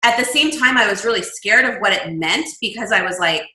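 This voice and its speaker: A woman guest describing her path into shamanic healing in lively, animated conversation. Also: mid-range voice, a little fast, echoey room, rough recording. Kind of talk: casual storytelling chat.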